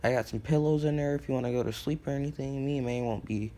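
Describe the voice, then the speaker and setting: A man's voice: medium pitch, fairly even intonation, fast, dark tone, voice pushed up, lightly acted. A cocky reality-bending young hero, as a man puts him on. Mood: smug. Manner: cocky, brags breezily. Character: smug all-powerful young male hero.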